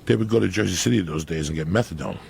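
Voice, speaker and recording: A man in his fifties from Cuba, telling crude stories on a podcast in a profane, animated way. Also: deep voice, very fast, vocal fry, a little hiss or hum. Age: 50s. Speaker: comedian guest. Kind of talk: storytelling on a podcast.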